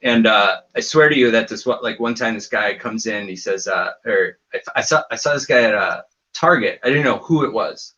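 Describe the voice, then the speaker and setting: A man's voice: on the low side, normal speed, sharp tone, dull audio. A man doing a casual stand-up set over a home video call, rambling and self-deprecating with lots of fillers and restarts. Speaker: stand-up comedian.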